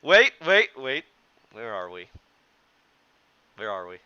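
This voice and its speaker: A man voicing a booming, pompous male god who speaks in grand, old-fashioned phrases. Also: very animated, takes it slowly, pushed and bright, clear, resonant tone, dry recording, heavily acted. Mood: wary. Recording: dull lo-fi, dry.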